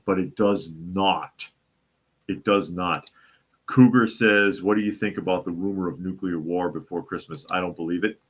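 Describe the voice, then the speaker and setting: A man from the Boston area hosts a live talk show, reading viewer comments and replying conversationally in a casual, opinionated way. His voice is low and slightly rough, and he often restarts and repeats phrases.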